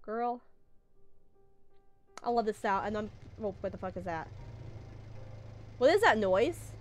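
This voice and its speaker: A woman giving casual let's play commentary, excitable and swearing freely as she reacts. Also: mid-range voice, unhurried, faint music behind. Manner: profane, excitable, reacts loudly. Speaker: gaming streamer.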